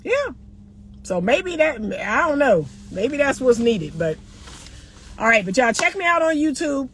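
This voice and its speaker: A woman's voice: high-pitched, big pitch swings, measured pace, a bit bright, slightly rough. A middle-aged woman relationship coach talking bluntly and animatedly to viewers, laughing often. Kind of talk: live-stream chat answering comments.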